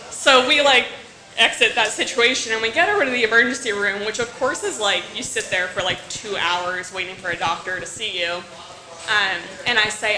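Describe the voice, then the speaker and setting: A woman's voice: fairly high pitch, a little fast, a crowd in the background. Chatty young woman telling a story. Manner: chatty, self-mocking, many fillers. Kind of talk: live story slam telling. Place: stage at a live event. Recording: echoey live venue.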